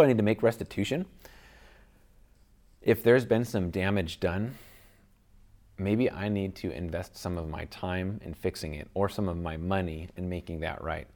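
A man in his thirties giving an earnest, conversational Christian teaching as a father, with frequent restarts and soft laughs. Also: sits low. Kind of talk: sermon-style teaching.

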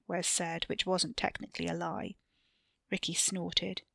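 A woman giving a measured, expressive scripted narration of a serialized story for her podcast. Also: fairly low pitch, creaky, no room sound.

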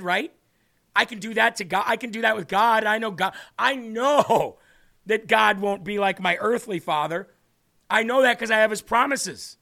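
A man with a high, bright voice and a gravelly edge speaks earnestly on a devotional talk show. He preaches with emphasis and keeps circling back to the same phrases to drive them home. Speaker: host of a faith talk show.

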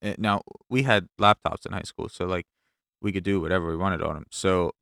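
A man's voice: sits low, steady tone, a little fast, vocal fry, a bit bright, clear, resonant tone, dry recording, studio quality. A young man co-hosting a podcast, telling laid-back stories in casual chat. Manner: laid-back storyteller, laughs easily. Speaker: podcast co-host.

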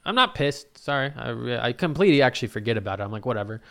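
A man's voice: mid-range voice, fast talker, gravelly, smooth. Young man telling a story, swearing freely. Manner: animated, swears a lot, acts out quotes. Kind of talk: casual storytelling monologue.

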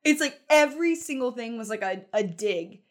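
A woman co-hosting a sports podcast, giving quick, chatty takes on college football. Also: on the high side, lively intonation. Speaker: podcast co-host. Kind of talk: casual sports talk.

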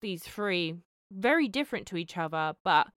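A woman's voice: on the low side, lively intonation, normal speed, a bit bright, no echo, studio quality. A woman co-hosting a horror podcast, chatting casually and rambling with lots of "you know" and "like". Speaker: podcast co-host. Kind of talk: casual chat.

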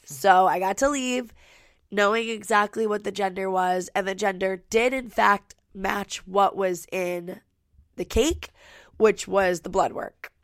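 A woman's voice: mid-range voice, steady tone, a little slow, no room sound, clean studio sound. A woman in her twenties hosting a podcast in casual chat, talking with lots of "like" fillers and a stuffy nose. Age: 20s. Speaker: podcast host. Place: home studio.

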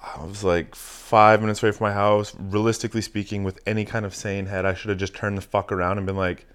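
A man hosting a casual chat, telling a long story in a swearing, animated way. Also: lowish voice, fairly quick, clear, resonant tone. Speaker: podcast host.

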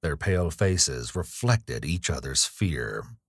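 A man narrating a gothic ghost story in a measured, grave reading. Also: a bass voice, very animated, breathy edge, dry recording, studio quality.

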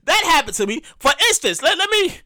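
Speaking briskly in an extremely high voice, a young man hosting a podcast goes off on a comedic rant full of profanity. He rambles, repeats himself, and gets excitable, with no room sound in the recording.

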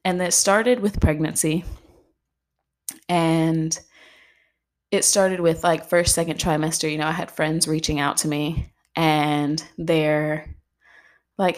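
A woman's voice: deep voice, little pitch movement, measured pace, a little mellow. A young pregnant woman, out of breath, talking in a rambling casual monologue full of fillers and small laughs. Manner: rambling, heavy use of "like", laughs often. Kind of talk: casual personal vlog monologue.

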